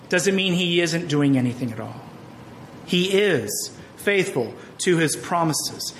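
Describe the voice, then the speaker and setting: A middle-aged man preaching a sermon in a conversational, joking style, telling stories with animated energy. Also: high-pitched, a little slow, slight background noise. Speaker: pastor.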